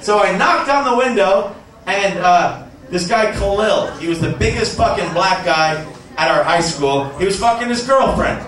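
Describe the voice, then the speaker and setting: A man doing stand-up, telling a profane story with animated shouted quotes in a comedy club. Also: high-pitched, moderate pace. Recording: echoey club audio from far off.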